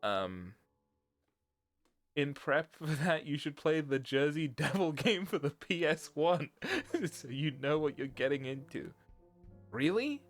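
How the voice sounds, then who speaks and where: A man's voice: a little high, big pitch swings, slow pace, long pauses, a bit bright, soft background music. A young British man, a streamer, rambling through a casual chat and laughing often. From Britain.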